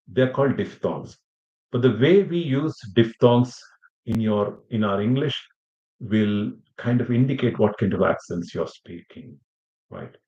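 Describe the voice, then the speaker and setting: In a muffled, echoey room, a man teaches a language class with a medium-pitched, dark voice. His lecture wanders, full of fillers and false starts, and he keeps turning to students with questions.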